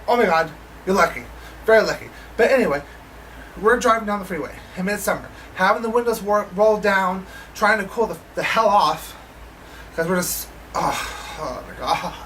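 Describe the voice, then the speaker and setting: A woman tells a story to camera in a loose, casual way. She acts out quoted lines and drops the odd swear word. Her pitch sits in the middle, and a faint hum stays in the background. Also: fairly bright tone, distant mic, low-quality recording. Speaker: vlogger. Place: living in Las Vegas.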